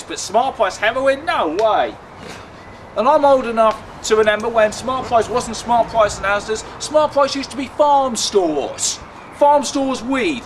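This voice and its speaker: A young man from Luton with a southern English accent, doing a sardonic, chatty stand-up routine outdoors, stretching out his punchlines. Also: high-pitched. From Luton, England. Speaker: stand-up comedian. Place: outdoors in a city. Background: faint outdoor ambience and traffic.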